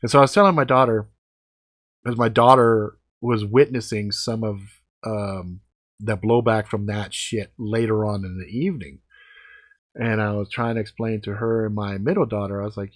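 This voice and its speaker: Male, 40s, vlogger. Casual, blunt and profane, lively storytelling. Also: fairly low pitch, moderate pace. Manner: blunt, heavy swearing, animated. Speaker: vlogger answering comments.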